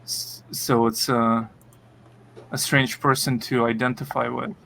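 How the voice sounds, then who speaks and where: Bright-voiced man, halting casual talk. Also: medium pitch, flat delivery, creaky, a little hiss or hum. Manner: halting, many fillers and restarts. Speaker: podcast co-host. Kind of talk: casual chat.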